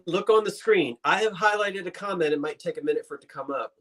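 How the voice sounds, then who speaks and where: A man's voice: high-pitched, quick pace, fairly bright tone. A man co-hosting a casual live-stream chat, teasing playfully and telling stories. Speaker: co-host.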